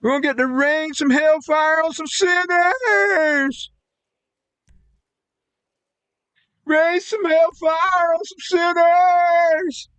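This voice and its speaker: A man putting on the voice of a gloating, self-righteous zealot who cheers for bombings, drawing his words out in slow, sing-song mockery. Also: extremely high pitch, fairly bright tone, dry recording, voice pushed up, exaggerated voice. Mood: gleeful.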